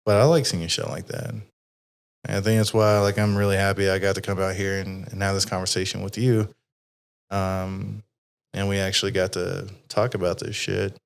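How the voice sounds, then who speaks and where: A podcast host with a low, even, unvaried voice leads a casual interview chat, rambling through his thoughts with fillers and plenty of swearing. He talks at a normal speed, and his tone is gravelly, clear, and resonant.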